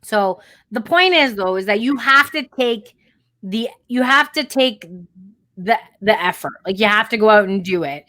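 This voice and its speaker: A woman's voice: medium pitch, animated, moderate pace, sharp tone. A woman co-hosting a podcast, talking listeners through a motivational pep talk in a direct, coaching way with casual swearing. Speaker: podcast co-host.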